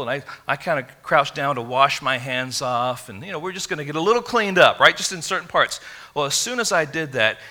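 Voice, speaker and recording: A man from England, preaching a sermon in an animated, conversational storytelling way. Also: on the high side. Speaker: pastor.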